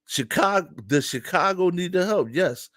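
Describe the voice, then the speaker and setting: A man from Philadelphia giving casual, animated opinion commentary to his viewers, laughing often and talking straight to them. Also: high voice, normal speed, no echo, studio quality. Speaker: news commentary streamer.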